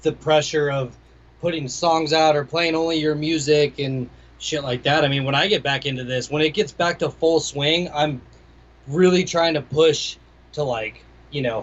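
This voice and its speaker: A young adult man, a DJ and producer, chatting casually in an interview, laid-back and rambling with plenty of swearing. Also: a little high. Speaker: DJ and music producer, guest. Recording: slightly dull lo-fi audio.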